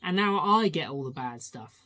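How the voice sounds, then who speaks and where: A man voicing a bitter, fed-up male tiger who rants his complaints in loud, repeated phrases. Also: fairly high pitch, lively intonation, moderate pace. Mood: angry ranting.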